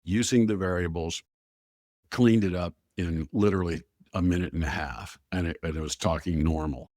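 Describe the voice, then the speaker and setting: A man with a fairly low voice, talking as a guest on an interview podcast. He tells anecdotes with energy, acts out what people said, and waves details away with "blah, blah." The sound is dry and close, with no room echo. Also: normal speed. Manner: animated storyteller who acts out quoted dialogue, with filler "blah, blah". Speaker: guest, AI strategy expert.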